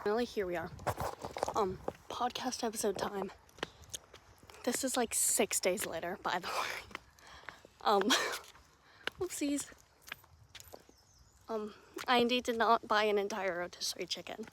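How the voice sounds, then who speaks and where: A young woman hosting her own podcast, telling a story casually, rambling and swearing, with many restarts, swinging between loud and hushed. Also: medium pitch, measured pace, long pauses, background noise. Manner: lively, jumping from loud to hushed. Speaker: podcast host.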